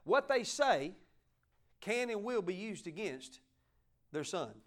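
A man's voice: high-pitched, big pitch swings, takes it slowly, fairly bright tone. A man preaching a folksy sermon, joking with his congregation and asking them to help him along. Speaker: pastor.

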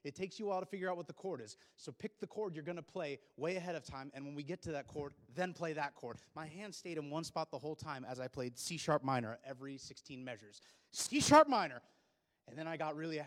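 A young man preaching a sermon, telling stories and swinging from hushed, intimate lines to loud, excited ones. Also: a little high, in a large hall. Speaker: pastor.

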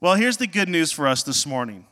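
A high, bright male voice belongs to a pastor telling self-deprecating stories from the pulpit. He preaches with animated, joking energy, and his words ring out with a long hall reverb, as in a church sanctuary. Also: brisk. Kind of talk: sermon.

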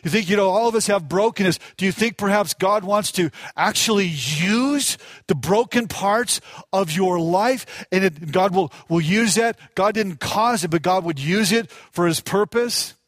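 Impassioned high-voiced male pastor. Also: normal speed, no echo, clean studio sound. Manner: impassioned, repetitive preaching with many restarts. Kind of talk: sermon.

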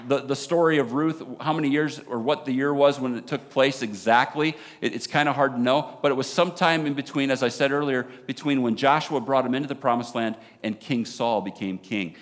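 A man with a Southern American accent preaching a sermon as a pastor, animated, dropping low and quiet for emphasis. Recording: long hall reverb.

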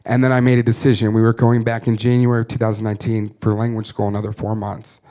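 A man's voice: on the low side, flat delivery, mellow. Earnest man telling his testimony. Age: 30s. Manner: earnest storytelling, quick to laugh at himself. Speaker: missionary. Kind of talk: personal testimony story.

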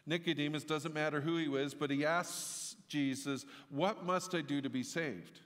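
A man's voice: a little high, fairly even intonation, moderate pace, a bit bright, long reverb tail. A man preaching a sermon in a church, telling a story in a conversational way and rising into emphatic outbursts. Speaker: pastor.

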